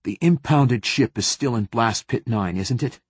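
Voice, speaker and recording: A man's voice: mid-range voice, a little slow, breathy edge, no room sound. A man voicing a wounded young male governor who gives clipped, authoritative orders. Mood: commanding.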